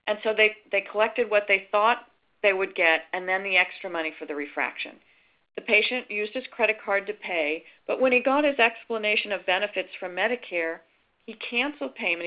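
Calm middle-aged woman lecturing, lo-fi webinar. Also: mid-range voice. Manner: calm, explanatory, acts out sample dialogue. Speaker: risk management speaker.

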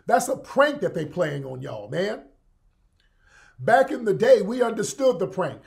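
Guy ranting at his viewers, fairly high voice, fired up and confrontational. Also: big pitch swings, measured pace, creaky, darkish tone. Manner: heated, confrontational, repetitive addressing. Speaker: show host. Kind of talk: monologue to an online audience.

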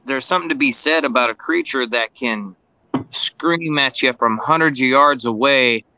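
A man in a casual podcast chat who describes encounters thoughtfully, often pausing to find his words. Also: medium pitch, sharp tone, poor audio. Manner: reflective, searching for words with restarts. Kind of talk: casual live-stream chat.

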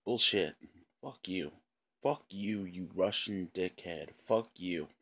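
A man ranting on his own video channel in an angry, profane, repetitive way, often clearing his throat. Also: deep voice, takes it slowly, fairly bright tone. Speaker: channel owner. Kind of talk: angry vlog rant.

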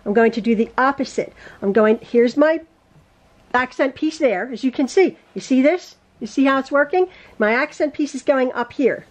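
A high-pitched woman talks through a quilting lesson from her home sewing room. She chats as she sews, correcting herself often and circling back to what she meant. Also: animated, moderate pace. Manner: rambling, self-correcting, talks while sewing. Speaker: quilting teacher. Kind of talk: chatty sewing tutorial.

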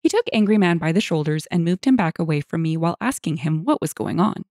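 A woman narrating internet stories aloud, with lively, expressive storytelling. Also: low-pitched, fast, dry recording, clean studio sound.

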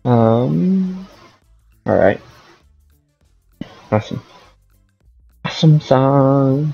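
A man's voice: mid-range voice, lively intonation, drawn-out words, creaky, dark tone, muffled recording, soft background music. A man giving casual gameplay commentary as a streamer, rambling and thinking aloud. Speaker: gaming streamer.

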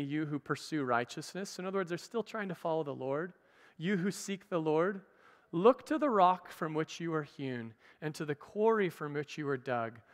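A man's voice: sits high, fairly bright tone. A man preaching a sermon as pastor, teaching conversationally with playful asides to the congregation. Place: church hall. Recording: church livestream with long reverb.

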